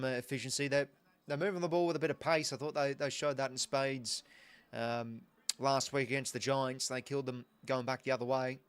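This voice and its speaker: A man's voice: medium pitch, clean tone. A young Australian man hosting a live football watch-along, chatting casually with viewers and thanking them as he goes. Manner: chatty and easygoing, thanking viewers, many restarts. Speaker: livestream host.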